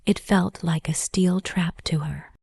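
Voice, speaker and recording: A woman narrating a dramatic story in a soft, breathy whisper, as whispered role-play. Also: fairly low pitch, steady tone, measured pace, dry recording, studio quality.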